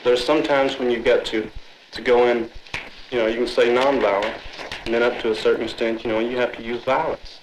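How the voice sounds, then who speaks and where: A man's voice: medium pitch, fairly even intonation, fairly quick, roomy sound, slight background noise, rough recording. A streetwise man talking in a group discussion, calling others man and brother. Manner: streetwise, addresses listeners as man.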